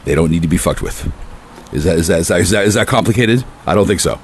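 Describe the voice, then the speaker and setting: Low-voiced man in a profane rambling rant. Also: animated, fast talker, a little hiss or hum. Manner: profane, erratic, shifts between ranting and murmuring. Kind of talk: rambling monologue to camera. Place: outdoors on a porch.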